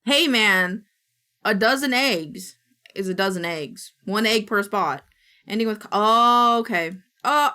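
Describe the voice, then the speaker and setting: A woman's voice: medium pitch, sharp tone, clean tone. A woman streamer chatting casually while she works, muttering to herself and swearing now and then. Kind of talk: casual co-working stream chat.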